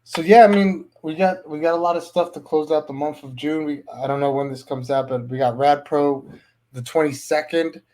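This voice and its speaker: A man's voice: fairly high pitch, steady tone, moderate pace, a little mellow, a little hiss or hum. A man who wrestles, talking casually as a podcast guest and promoting his upcoming shows. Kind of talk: casual chat.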